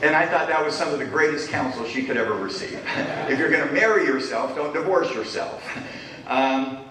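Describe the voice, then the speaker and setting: A man's voice: fairly high pitch, moderate pace. A middle-aged man giving a conference keynote, speaking in punchy short phrases with dry humor. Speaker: keynote speaker, business professor. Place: large conference hall. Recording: echoey hall, distant mic, faint noise.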